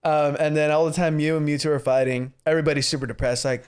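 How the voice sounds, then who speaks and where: Young male podcast co-host, profane and animated, slightly raised pitch, jumps into squeaky impressions. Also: quick pace, smooth. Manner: profane, animated, mimics characters in high voices. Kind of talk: casual movie review chat.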